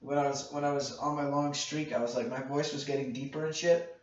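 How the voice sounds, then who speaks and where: A man's voice: fairly high pitch, fairly even intonation, brisk. A young man rambling crudely and mocking himself, with many fillers, in a solo podcast monologue recorded on a camera mic in a small room at home. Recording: echoey room, dull lo-fi camera audio, faint noise.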